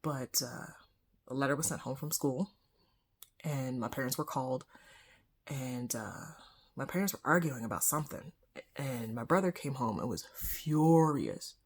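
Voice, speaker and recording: Young woman, low husky voice, candid conversational vlog storyteller. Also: measured pace. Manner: candid, conversational, frequent soft whispered asides. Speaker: vlogger. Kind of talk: personal storytime.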